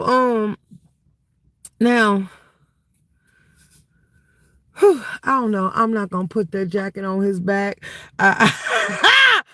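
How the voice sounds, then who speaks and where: Woman host, casual livestream gossip, cold and tired, laughing often, bright dry voice. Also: fairly high pitch, no echo. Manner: animated, laughing gossip with frequent "baby" and "y'all".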